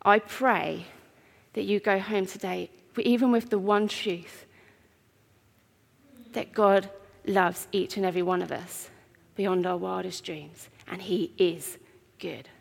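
A woman giving an earnest, heartfelt sermon in a church, with pauses. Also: lowish voice, fairly even intonation, creaky. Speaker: preacher. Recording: long reverb of a church hall.

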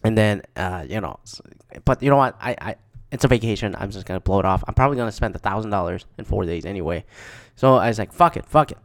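A man's voice: lowish voice, fast talker. A man casually recounting games he went to, rambling and swearing, with lots of fillers. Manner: profane, rambling, with frequent fillers.

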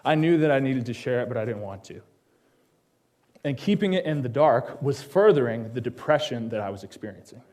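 A man's voice: mid-range voice, lively intonation. Man preaching a personal sermon. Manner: personal storytelling with quick asides to the congregation; drops to a hushed tone on solemn lines. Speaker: pastor.

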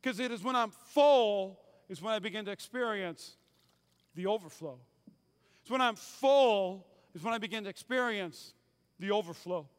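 Male pastor, sermon, high-pitched, emphatic, repeats lines, loud-to-hushed swings, echoing sanctuary. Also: normal speed, clean tone. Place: church sanctuary. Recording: hall reverb, church sanctuary.

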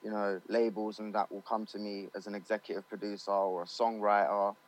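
A man's voice: lowish voice, flat delivery, a little fast, low-quality recording. A man, a studio owner and recording engineer, talking loosely in an interview with lots of fillers and slang. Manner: loose and chatty, slangy, many fillers like "you know what I mean". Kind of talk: casual interview chat.

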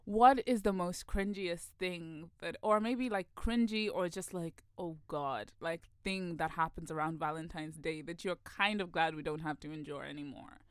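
A woman's voice: lowish voice, moderate pace, hardly any pauses, smooth, no echo, clean studio sound. A young woman co-hosting a casual chat, rambling with many "like"s and self-corrections. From Zimbabwe. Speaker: podcast co-host.

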